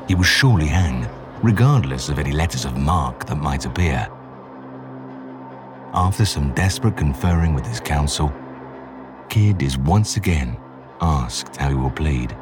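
A male podcast host narrates a history story in a scripted, dramatic way. His voice is extremely low and deep, and he paces each sentence with measured care. Soft music plays faintly underneath.

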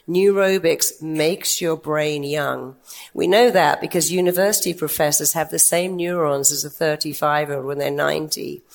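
An older woman therapist giving a lively talk to an audience, telling stories about her clients. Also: deep voice, vocal fry. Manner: lively storytelling with quoted clients. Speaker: therapist and speaker.

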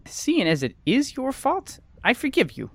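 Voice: mid-range voice, wildly swooping pitch, a little slow, no echo, exaggerated voice. An actor voicing a teasing, folksy young man with a drawling way of talking.

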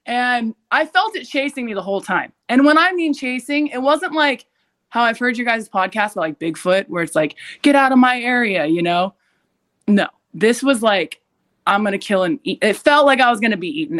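Animated woman telling a scary story. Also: medium pitch, a little fast. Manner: animated, breathless retelling with laughs and loud quoted shouts; uses many fillers like "like". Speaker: podcast guest. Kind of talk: casual storytelling.

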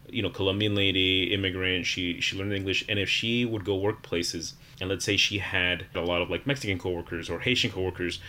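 A man's voice: sits low, pushed and bright. A man from Florida, co-hosting a casual podcast conversation, reminiscing in a chatty way.

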